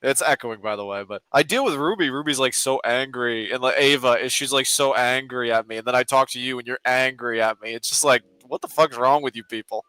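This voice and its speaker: Man on a stream call, bright voice, dry close sound, easygoing and needling. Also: mid-range voice, a little fast, few pauses, clear, resonant tone, no echo. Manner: needling, laid-back, teasing. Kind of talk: casual stream chat.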